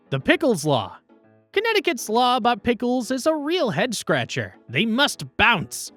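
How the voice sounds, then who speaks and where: Lively woman narrating a playful explainer. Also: mid-range voice. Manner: playful, upbeat storytelling with wry asides.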